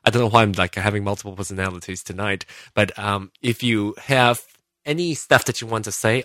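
A man's voice: on the low side, normal speed, a bit bright, dry recording. Rambling, self-mocking male podcast host. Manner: rambling and self-mocking, many fillers and restarts. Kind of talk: casual solo podcast chat.

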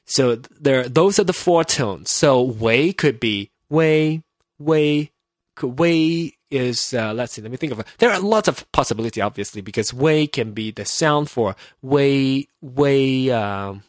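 A man's voice: mid-range voice, animated, measured pace, no room sound, studio quality. A man whose first language is Mandarin, hosting a casual solo podcast from home, rambling and self-interrupting as he explains things and laughing easily. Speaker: podcast host.

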